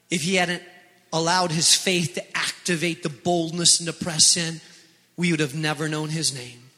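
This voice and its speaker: Male pastor, high-pitched and very bright, impassioned repetitive preaching, long hall echo. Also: steady tone, normal speed, faint music behind. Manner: impassioned preaching, repeating phrases. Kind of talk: sermon.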